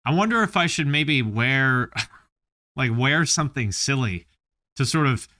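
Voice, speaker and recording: A man hosts a podcast in a middle-pitched voice with a bright, sharp edge. He talks in a laid-back, wry way, and his asides drop low and quiet. The recording is dry and close to the mic. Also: lively intonation, a little slow, dry recording. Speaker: podcast host. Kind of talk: casual podcast chat.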